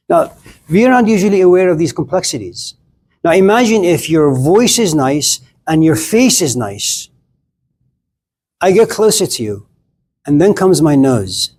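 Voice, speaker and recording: A man's voice: a little high, lively intonation, moderate pace, a little mellow. A middle-aged man giving a casual, blunt classroom lecture on philosophy, chatting straight at his students and acting out little scenes.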